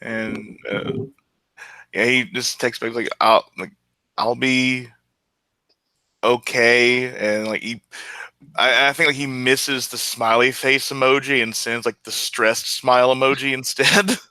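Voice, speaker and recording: Bright-sounding guy playing in a tabletop game, hesitant, lots of "like". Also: medium pitch, fairly even intonation, a little slow, dry recording, low-quality recording. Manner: hesitant, many fillers. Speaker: player. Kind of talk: tabletop role-play.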